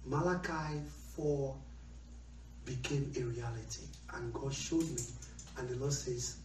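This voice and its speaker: A man preaching a sermon with an animated delivery, moving between quiet storytelling and shouting. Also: medium pitch, measured pace, a little hiss or hum. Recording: echoey hall, heard from far off.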